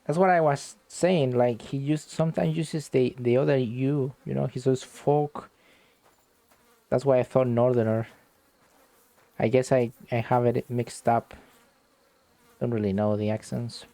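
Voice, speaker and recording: A man streaming a game, chatting with viewers in a slow, relaxed, rambling way. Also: mid-range voice, no echo. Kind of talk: casual gameplay commentary.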